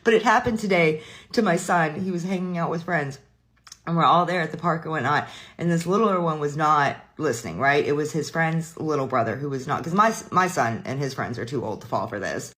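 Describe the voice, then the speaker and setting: A woman's voice: sits low, lively intonation, a little fast, a bit bright. Giggly woman telling a family story. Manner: giggly, breaks into laughter often. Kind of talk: casual storytelling to camera.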